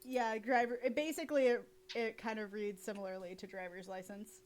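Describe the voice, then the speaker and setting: A young woman art streamer chatting casually while she draws, rambling with lots of fillers and quick giggles. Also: medium pitch, fairly even intonation, a little mellow, low-quality recording. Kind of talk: casual chat while drawing.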